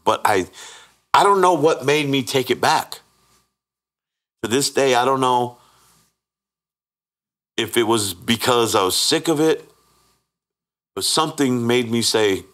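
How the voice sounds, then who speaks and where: Here the man's voice is mid-range and fairly bright, animated yet slow, with frequent pauses. He is a guest telling his own testimony openly and simply, an earnest narrator who acts out what others said, often starts over, and keeps checking in with "right?".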